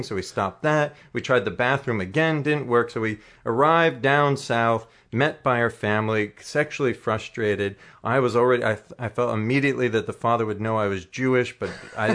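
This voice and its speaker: A man's voice: mid-range voice, a bit bright. Self-mocking man rambling through an anecdote. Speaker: storyteller. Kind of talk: comic personal anecdote.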